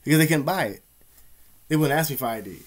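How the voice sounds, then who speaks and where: A man's voice: fairly high pitch, lively intonation, fast talker. An American man telling rambling, profane stories in a casual vlog, laughing often. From United States. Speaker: vlogger. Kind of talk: casual storytelling.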